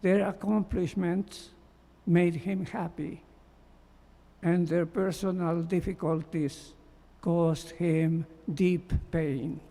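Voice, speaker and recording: Man, memorial tribute, high voice, dark mellow tone, slow measured reading. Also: steady tone, vocal fry. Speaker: memorial speaker, former doctoral student. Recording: long hall reverb.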